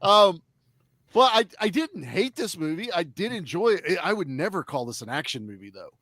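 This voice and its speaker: A man in casual chat, reviewing a film with blunt, profane and animated talk. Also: high-pitched, moderate pace, no room sound.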